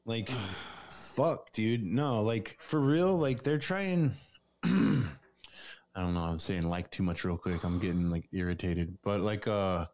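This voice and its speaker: A man's voice: fairly low pitch, slow, darkish tone. A man co-hosting a casual podcast, rambling with lots of filler words and frequent swearing. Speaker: podcast co-host. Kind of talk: casual profane chat.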